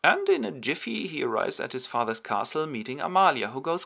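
Playful man, animated. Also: fairly high pitch, brisk, gravelly, few pauses. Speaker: host. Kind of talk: comic retelling of a play with puppets.

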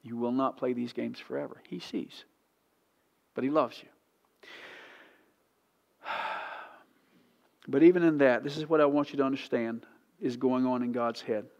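A pastor preaching a sermon in a church sanctuary, pleading and impassioned, swinging from hushed to loud. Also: male voice, mid-range voice, measured pace, gravelly, pauses often, muffled recording.

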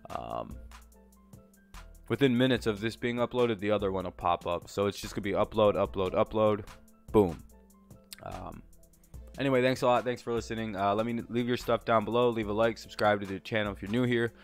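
A man's voice: on the low side, brisk, soft background music. A man casually talking through his sports predictions as a channel host, rambling with many fillers and some swearing, a bit out of breath. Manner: rambling, lots of fillers and profanity.

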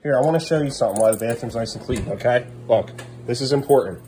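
A man's voice: quick pace, mellow, a little hiss or hum. Tired dad filming his kids at home. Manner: swings between upbeat talk to his kids and low tired asides to camera. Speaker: father and vlogger. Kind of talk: casual home vlog. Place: family home indoors.

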